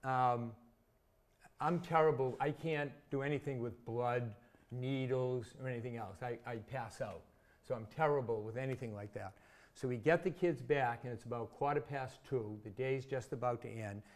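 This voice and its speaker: A man's voice: mid-range voice, normal speed. Older man telling a story in an interview. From Massachusetts. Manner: chatty, vivid anecdotes with self-deprecating humor. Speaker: interview guest, former teacher.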